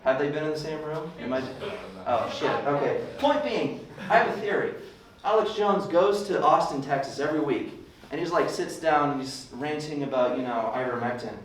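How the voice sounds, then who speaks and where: Rambling young comedian in an echoey room. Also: male voice, on the high side, expressive, normal speed. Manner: rambling, self-deprecating, puts on ranting voices. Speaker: stand-up comedian. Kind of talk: stand-up comedy set. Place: club open mic room. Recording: echoey room, distant mic, faint hiss.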